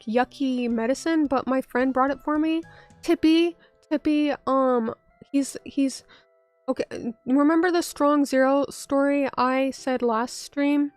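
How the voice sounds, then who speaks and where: A young woman with a high voice that bronchitis has made hoarse, chatting loosely on a live stream. She trips over her words, swears freely and answers her chat. Faint music plays under a close, dry microphone. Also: steady tone, slow pace, a little mellow, no room sound. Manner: rambling, self-interrupting, swears, talks back to chat. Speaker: VTuber streamer.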